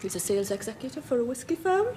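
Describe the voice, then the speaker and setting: A woman's voice: a little high, sing-song, rapid-fire, mellow. A woman with a Geordie accent, a game show contestant answering shyly. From North East England.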